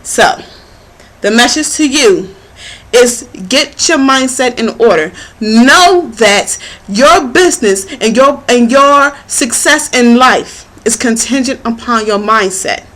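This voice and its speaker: A woman life coach giving a passionate motivational talk, excitable and laughing as she speaks. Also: on the high side, slow pace, poor audio. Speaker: spiritual life coach and marketing mentor.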